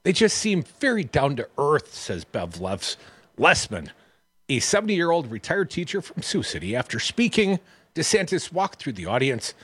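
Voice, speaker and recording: A man's voice: fairly high pitch, a bit bright, breathy edge, no echo. A man hosting a radio show, reading news stories and cutting in with sarcastic asides. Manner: sarcastic, wisecracking. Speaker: radio host.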